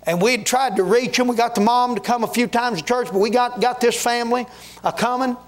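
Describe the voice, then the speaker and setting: A man's voice: extremely high pitch, steady tone, brisk. A man preaching a fervent revival sermon in a church, exhorting his listeners and telling folksy stories along the way. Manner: folksy, exhorting, with storytelling asides. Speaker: guest preacher. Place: church sanctuary.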